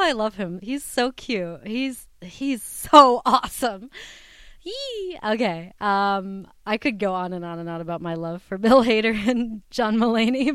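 A woman's voice: mid-range voice, fairly bright tone, smooth, no room sound. Giggly, bubbly young woman chatting. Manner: bubbly, giggly, laughs often. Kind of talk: casual solo chat.

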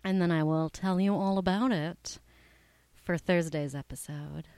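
A woman's voice: lowish voice, a little slow, darkish tone, smooth, no room sound. A young woman hosting a casual comedy podcast, chatty and playful, often giggling. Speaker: podcast host.

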